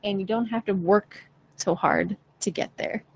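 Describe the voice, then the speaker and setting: A woman's voice: mid-range voice, a little slow, darkish tone, a little hiss or hum, low-quality recording. Frank, playful woman singing teacher. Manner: chatty, frank, playful, swears casually. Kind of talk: casual livestream voice lesson.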